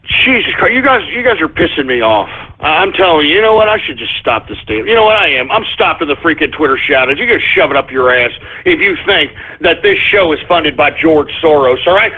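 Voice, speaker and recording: A high-pitched, husky male talk radio host who rants loudly and breaks into shouting, stretching out words for emphasis. His voice comes through a tinny, phone-like radio stream. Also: very animated, fairly quick, few pauses. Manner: loud irritated ranting with shouted bursts. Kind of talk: ranting internet radio monologue.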